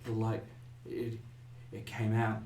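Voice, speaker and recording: A man putting on a hushed, stammering frightened woman. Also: on the low side, monotone, slow, reverberant, far from the mic, a little hiss or hum. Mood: shaken, fearful. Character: frightened young woman in shock.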